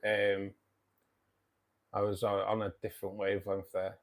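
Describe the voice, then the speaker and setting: Gravelly, low-voiced British man. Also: completely flat delivery, normal speed. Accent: British English. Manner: chatty and matey, swears casually, chuckles often. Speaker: live-stream host reading viewer comments. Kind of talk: casual live-stream chat.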